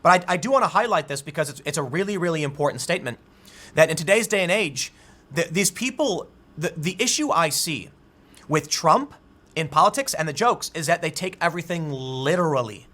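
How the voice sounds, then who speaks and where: A man talks through the day's news on his own, reading out article quotes and then riffing on them in an animated way, often restarting his sentences. His voice sits a little high and sounds bright and forward. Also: a little fast. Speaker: political commentator. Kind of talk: solo news commentary.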